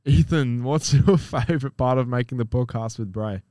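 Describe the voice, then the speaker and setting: A young Australian man co-hosts a podcast, joking and rambling, and often tripping over his words. His voice is clear and resonant, at an ordinary pitch. It is recorded close and dry. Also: normal speed, dark tone, dry recording. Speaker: podcast co-host. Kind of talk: casual podcast chat. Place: podcast booth.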